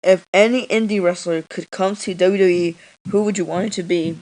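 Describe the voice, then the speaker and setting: A woman's voice: lowish voice, fairly even intonation, brisk, darkish tone, poor audio. A woman hosting a casual wrestling podcast, rambling and hesitant with lots of ums. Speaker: podcast host.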